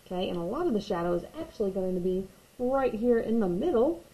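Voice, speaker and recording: A woman's voice: mid-range voice, expressive, a little fast, dark tone, poor audio. A woman teaching a watercolor painting tutorial, patient and reassuring, repeating her key points. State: hiccups. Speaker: art teacher.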